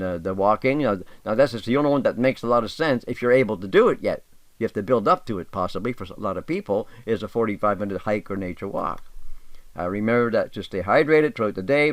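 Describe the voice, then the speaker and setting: A man's voice: fairly low pitch, fairly bright tone, no room sound. Folksy older man, dry sound. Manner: folksy and emphatic, reads aloud with asides. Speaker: host. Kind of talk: casual monologue.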